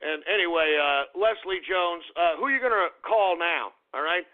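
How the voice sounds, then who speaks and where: A man's voice: high-pitched, expressive, normal speed. A man hosting a radio show, ranting crudely with a lot of profanity. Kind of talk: call-in radio rant. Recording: narrow phone-like radio audio.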